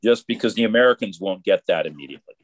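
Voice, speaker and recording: A man's voice: fairly low pitch, animated, very fast, no room sound, low-quality recording. A man co-hosting a podcast who briefly cuts in to clarify a term for listeners. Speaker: podcast co-host. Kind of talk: conversational interview.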